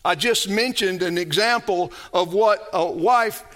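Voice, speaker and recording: Bright, emphatic male preacher. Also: sits high, a little slow. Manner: emphatic, repetitive preaching that climbs to shouts. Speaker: pastor. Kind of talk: sermon.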